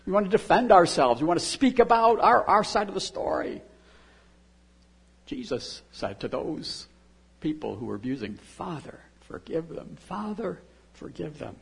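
A male pastor with a husky, breathy voice set a little high for a man. He preaches a sermon, dropping to a hush and then building to loud, fervent emphasis. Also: very animated, normal speed. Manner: swings from quiet intimacy to loud emphatic repetition.

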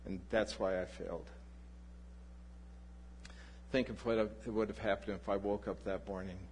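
A male pastor preaching a sermon, telling a personal story in an animated way and acting out the people in it. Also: lowish voice, normal speed, slight background noise. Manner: animated anecdote, voices the people in his story.

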